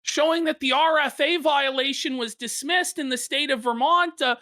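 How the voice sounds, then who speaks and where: A woman's voice: high voice, moderate pace, bright, forceful tone, voice pushed up. Woman doing a stammering flustered man. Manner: stammering, apologetic.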